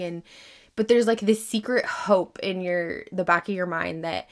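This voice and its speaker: A woman's voice: lowish voice, a little fast. A woman hosting a casual solo podcast, rambling and earnest, with lots of filler words and swearing, growing emphatic when she makes a point. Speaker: podcast host.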